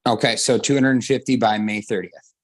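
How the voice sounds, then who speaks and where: A man's voice: mid-range voice, steady tone, a little fast, a little hiss or hum. A man from Wisconsin, a defendant on a video call, gives polite, brief answers.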